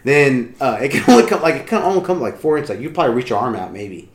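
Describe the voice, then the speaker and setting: Animated, profane man in a roomy room. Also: medium pitch, fast. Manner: profane, animated storyteller who laughs often. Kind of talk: casual chat. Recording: roomy echo.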